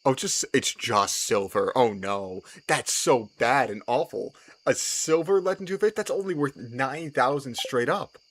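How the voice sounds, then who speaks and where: A young man, excitedly commenting on his gameplay, repeating himself and laughing often. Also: medium pitch, a little slow, few pauses. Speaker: streamer.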